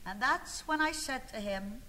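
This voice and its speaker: High, lively woman doing comic monologue. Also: measured pace, long reverb tail, slight background noise. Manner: aggrieved, confiding, building to indignant outbursts. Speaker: comic storyteller. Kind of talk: comic monologue to a live audience.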